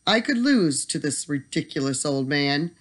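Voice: mid-range voice, expressive, normal speed, close to an everyday voice. A storyteller voicing a scheming, selfish young man in a bedtime storybook reading, with a sneering, greedy manner.

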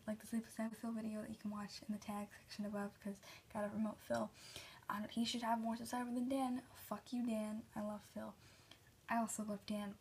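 A woman's voice: medium pitch, a little mellow, slight background noise. A young woman vlogging late at night, mostly in a whisper, rambling tiredly and swearing. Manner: whispering much of the time, sleepy and rambling, swearing. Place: bedroom at night, filming through a mirror.

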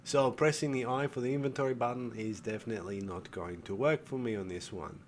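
A man's voice: mid-range voice, fairly quick, a little hiss or hum. An older man hosting a gaming video, chatting casually and thinking aloud as he plays, swearing freely and calling his viewers folks. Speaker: gaming channel host. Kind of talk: casual gameplay commentary.

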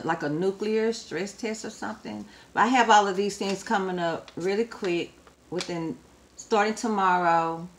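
A woman talks casually to camera, calling her viewers y'all. Her voice is bright and sharp. She drops quiet and low, then turns loud and animated. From Texas. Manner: chatty, addresses viewers as y'all. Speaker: vlogger.

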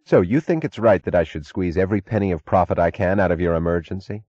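A man voicing a cold steel magnate who bargains in an even, dryly mocking tone. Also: low voice, quick pace, no echo, lo-fi sound.

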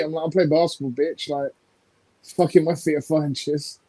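Man, tired, brash trash talk, higher voice, dry sound. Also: steady tone, normal speed, dark tone, no room sound. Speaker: guest streamer. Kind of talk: casual live-stream chat.

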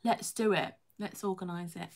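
A woman's voice: fairly low pitch, steady tone, normal speed, vocal fry. A young woman hosting a casual live stream, chatting and reading comments, laughing often and poking fun at herself.

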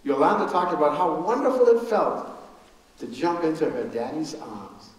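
A man's voice: a little high, expressive, normal speed, lightly acted. An actor playing an elderly preacher father who tells his family's story with earnest grief and stumbles over repeated words when moved. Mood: sorrowful. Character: grieving elderly preacher father, steadfast and forgiving. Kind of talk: live theatrical storytelling. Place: school auditorium. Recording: echoey hall, mic far off.

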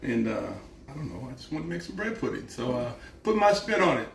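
A man's voice: medium pitch, very animated, fast, vocal fry, slight background noise. A man with a Southern US accent hosting a live cooking show, chatting in a playful, folksy way. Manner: folksy, playful, drawling talk with y'all. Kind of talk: casual live cooking stream. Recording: echoey room, mic at a distance.

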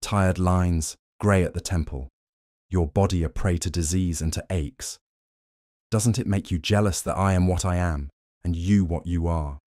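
A proud, defiant android man in an audiobook, bitter and desperate, pushing his voice well above the reader's own low tone, as a male narrator puts him on. The sound is close and dry, with no room around it. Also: fairly even intonation, a little slow, dry recording. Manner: pleading, then shouting in anger.

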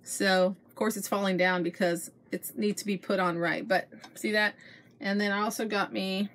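A woman's voice: medium pitch, fairly even intonation, normal speed, a bit bright. A middle-aged woman, gushing over her shopping finds to her viewers in casual show-and-tell chat. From Texas. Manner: chatty, gushing, addresses viewers as you guys. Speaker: haul vlogger.

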